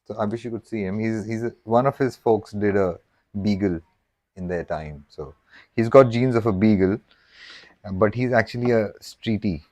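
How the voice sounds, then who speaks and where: A man's voice: on the low side, moderate pace, a little mellow. A man hosting a casual live stream while he cooks, rambling and joking and often cutting himself off mid-sentence. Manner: rambling, self-interrupting, jokey.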